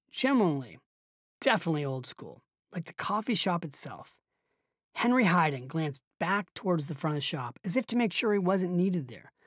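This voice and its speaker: A woman narrating an audiobook in an expressive storytelling reading, close to the mic. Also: lowish voice, husky, no echo.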